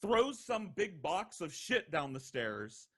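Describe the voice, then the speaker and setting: A man's voice: sits high, slow pace, a little hiss or hum. A young man telling rowdy stories on a podcast in a casual, profane way, acting out the voices of the people in them. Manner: animated, profane, acts out quoted voices. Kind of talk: casual storytelling.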